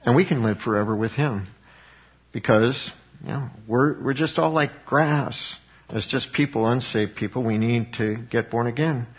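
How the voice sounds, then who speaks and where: A man teaching from the Bible in a conversational, earnest way, rising in pitch when he quotes scripture. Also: normal speed, breathy edge, highs cut off. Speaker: preacher.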